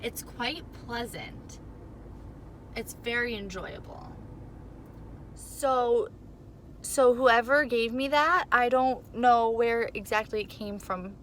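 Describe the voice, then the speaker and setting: A woman's voice: fairly high pitch, slow, pauses often, a little hiss or hum. A woman telling a rambling storytime vlog, flustered and worked up, saying "like" constantly. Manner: animated, rambling, says "like" a lot. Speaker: vlogger. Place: in her car.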